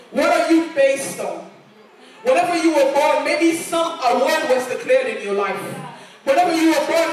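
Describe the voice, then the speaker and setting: A woman preaching a sermon in a church, earnest and repeating lines for emphasis. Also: sits high. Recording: echoey church hall, voice from far off.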